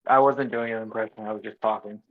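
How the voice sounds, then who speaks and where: A man's voice: lowish voice, steady tone, fast, narrow, tinny audio. A man playing a tabletop game on a call, talking in a plain, matter-of-fact way. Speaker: player. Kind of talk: casual tabletop game chat.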